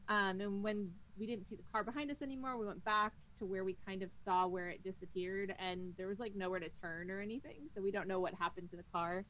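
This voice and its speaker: A woman's voice: mid-range voice, fairly even intonation, a little fast, hardly any pauses, a bit bright, poor audio. A young woman telling a ghost story in casual chat while playing a game with friends, rambling with many fillers.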